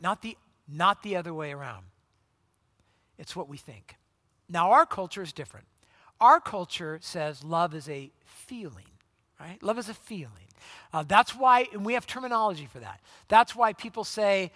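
A man's voice: high-pitched, animated, normal speed, bright, forceful tone, dry recording. A man preaching a sermon in a conversational way, acting out quoted voices, with frequent restarts and repeated words. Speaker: pastor.

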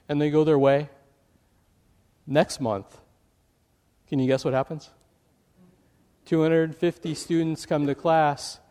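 A man's voice: fairly high pitch, unhurried, long pauses, big-room sound. A man preaching a sermon, telling a story with animation and acting out the voices in it. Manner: animated, acts out quoted voices.

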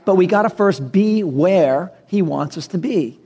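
Male pastor, mellow and fairly high voice, chatty sermon that acts out little scenes. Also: animated, unhurried, husky. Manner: conversational, acts out dialogue in his stories. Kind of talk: sermon with personal story.

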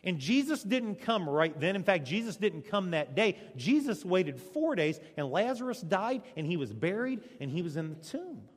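A male pastor preaching a sermon, swinging between loud, emphatic lines and hushed ones. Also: high-pitched, very animated, moderate pace, hardly any pauses. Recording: long church reverb.

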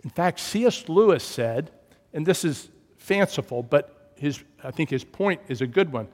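A male pastor delivers his sermon in a voice pitched a touch high for a man. He tells stories, leans hard into emphasized words, then drops to a hushed murmur. The sound carries a long reverb from a church sanctuary. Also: expressive, moderate pace. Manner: storytelling, swings from loud emphasis to hushed low tones.

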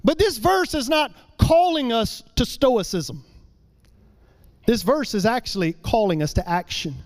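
A middle-aged man preaching a sermon, emphatic, repeating his phrases and slowing down for key lines. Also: extremely high pitch, expressive.

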